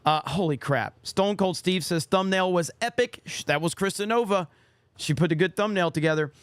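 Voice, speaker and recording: A hoarse man hosting a live stream sits close and dry on the mic, his voice pitched a little high yet smooth underneath the strain. He rambles through viewer messages, reading them out and tossing off quick asides. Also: fairly bright tone, dry recording. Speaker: livestream host.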